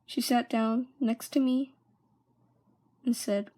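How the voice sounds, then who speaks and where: A young woman vlogger tells a personal story in a slightly high voice. She halts now and then and often falls into hushed whispers. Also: steady tone. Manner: halting, drops into hushed whispers.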